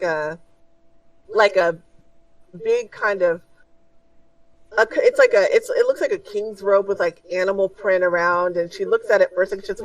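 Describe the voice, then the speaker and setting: A woman's voice: medium pitch, dry recording, far from the mic, poor audio. A woman narrating as game master of a tabletop game, in loose, rambling narration full of fillers.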